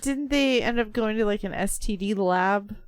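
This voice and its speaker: A woman's voice: mid-range voice, moderate pace, smooth, no room sound. A woman co-hosting a podcast, chatting casually about a movie, laughing and agreeing often. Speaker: podcast co-host. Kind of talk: casual movie review chat.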